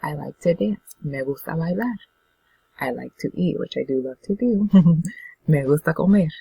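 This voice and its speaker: Low, gravelly-voiced woman teaching slowly. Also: animated, mellow, low-quality recording. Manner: patient, drills words for students to repeat. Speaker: Spanish teacher. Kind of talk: classroom language lesson.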